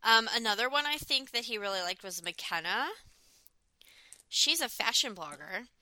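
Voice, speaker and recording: A woman in her thirties chats casually on a podcast, her voice very bright and forward. She talks in a loose, rambling way, full of fillers and quick restarts. The sound is dry and close, with no room around her. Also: on the high side, lively intonation, no room sound. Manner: chatty, many "like" fillers and restarts. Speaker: podcast co-host. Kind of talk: casual chat reviewing a dating show.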